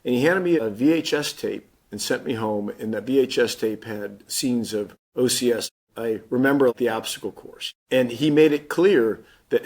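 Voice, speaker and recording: A man's voice: mid-range voice, moderate pace, few pauses, darkish tone. A man in his fifties, a Marine Corps general, telling his story plainly in an interview and acting out the dialogue he quotes. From Missouri.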